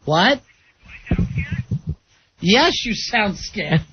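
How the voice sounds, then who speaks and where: A man's voice: high voice, sing-song, drawn-out words. A man hosting a radio show, bantering casually with callers in a teasing way. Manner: teasing, calls people buddy and honey. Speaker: radio host. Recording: muffled radio broadcast audio with faint noise.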